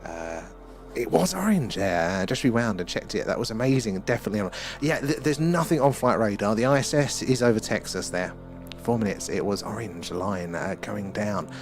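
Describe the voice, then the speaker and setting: Excitable man hosting a live stream. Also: lowish voice, normal speed, faint music behind. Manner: excitable, rambling, talks to chat viewers by name. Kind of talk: live-stream chat and sky-watch commentary. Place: outdoors at night.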